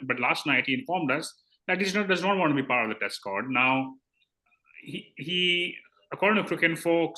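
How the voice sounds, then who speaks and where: A man's voice: mid-range voice, pushed and bright, rough recording. A man hosting a cricket podcast, handing questions to his panel. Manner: brisk, hands over questions. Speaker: podcast host. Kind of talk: podcast discussion.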